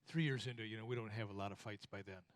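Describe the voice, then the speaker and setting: A man's voice: fairly low pitch, fairly even intonation, rapid-fire. A man giving marriage teaching in a church, telling folksy, self-deprecating stories and often stumbling and repeating his words. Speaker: minister teaching with his wife.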